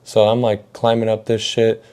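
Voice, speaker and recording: A man's voice: on the low side, completely flat delivery, normal speed, darkish tone. A young man telling a story in a rambling way, swearing a lot and full of filler words. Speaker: storytelling vlogger. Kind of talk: casual storytelling.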